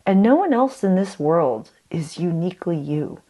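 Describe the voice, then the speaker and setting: Woman vlogging, kinda low voice, animated storyteller, asks herself questions. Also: normal speed. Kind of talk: casual self-talk vlog.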